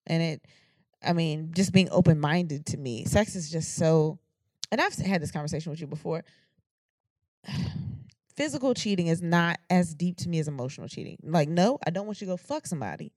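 A woman's voice: low-pitched, expressive, a little mellow, no echo, clean studio sound. A woman co-hosting a podcast, talking frankly and with plenty of swearing, often restarting her sentences in casual chat. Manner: frank, profane, halting restarts. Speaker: podcast co-host.

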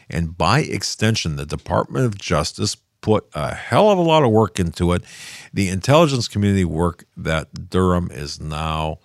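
A man's voice: sits low, gravelly, no echo. An older man hosting a rambling political commentary monologue from his home office studio, often losing his thread and picking it back up.

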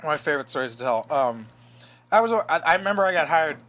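Bright, rambling, foul-mouthed storyteller man. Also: on the high side, expressive, fast talker. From Los Angeles area. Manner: swears a lot, rambling, self-mocking. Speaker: podcast host. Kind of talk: casual storytelling chat.

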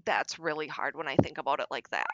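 A middle-aged woman on a podcast, talking candidly about grief, frank and darkly joking, sometimes soft-spoken. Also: deep voice, fast talker, dull audio, background noise. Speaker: podcast guest.

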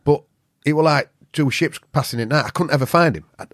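A middle-aged man with a Yorkshire accent, a podcast guest who tells stories in a blunt, profane, animated way. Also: fairly high pitch, brisk, no room sound, clean studio sound. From England. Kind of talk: casual storytelling chat.

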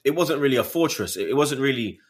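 A man hosting a casual football chat, animated and slangy, swearing freely. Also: mid-range voice, fast talker. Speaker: host.

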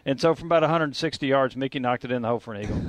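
A man's voice: medium pitch, no room sound. A man co-hosting a sports radio show, telling stories in a rambling way full of fillers. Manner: rambling, storytelling, halting fillers. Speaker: co-host. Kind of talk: casual sports radio chat.

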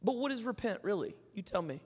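A man's voice: sits high, expressive, quick pace, a little mellow, in a large hall. A man preaching a sermon in a conversational way, telling stories and acting out the people in them. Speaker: pastor.

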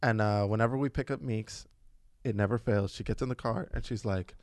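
A man on a casual podcast, telling a family story in lively, profane, slangy talk and acting out his kids' lines. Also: fairly low pitch, fairly quick, dry recording, clean studio sound. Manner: animated storyteller, swears a lot, acts out his kids' voices. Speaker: podcast co-host. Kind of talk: casual chat.

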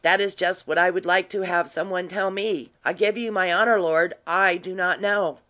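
Grave gentleman with quiet malice, dry delivery, voiced by the narrator. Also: medium pitch, steady tone, moderate pace, natural voice. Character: grave, quietly sly gentleman Ormiston, man. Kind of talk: audiobook reading.

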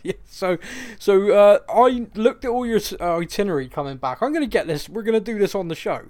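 His voice sits high and moves a little fast as he recounts a story with plenty of laughter. He's a podcast co-host from Bristol, England, speaking with a Bristolian accent in relaxed, lively conversation.

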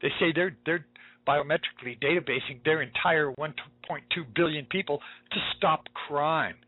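A man hosting a talk radio show, preaching with urgency and a lot of repetition. His voice sits a little high and sounds husky. The audio is dry and narrow, like a phone line. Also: normal speed, dry recording.

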